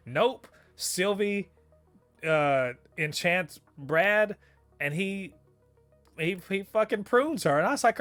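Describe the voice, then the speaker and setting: A man's voice: sits high, lively intonation, takes it slowly, bright, forceful tone, no echo, faint music behind. A man co-hosting a casual review podcast, talking animatedly and profanely, laughing often and exclaiming in disbelief. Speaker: podcast co-host reviewing a TV episode.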